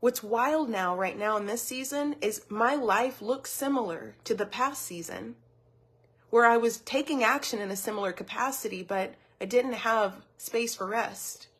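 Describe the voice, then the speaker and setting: A woman's voice: a little high, measured pace, fairly bright tone, breathy edge. A woman giving a motivational teaching talk as a wellness coach, earnest and personal, often repeating words as she thinks.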